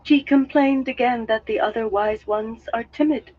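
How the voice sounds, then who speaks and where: A man voicing a meek, careful young servant woman, hurried and humble, in a storybook reading. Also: a little high, expressive, dry recording, phone-quality sound, pitched above the performer's own voice.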